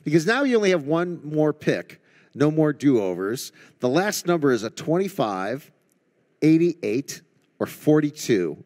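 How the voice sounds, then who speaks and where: A man hosting a television game show, brisk and friendly, keeping the game moving. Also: on the high side, very animated, a little mellow. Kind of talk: upbeat studio hosting.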